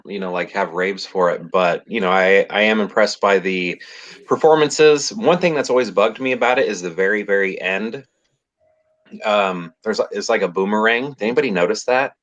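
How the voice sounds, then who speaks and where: A man talking as a guest on a casual livestream panel, hesitant and measured. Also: fairly low pitch, fairly bright tone. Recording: dull lo-fi audio.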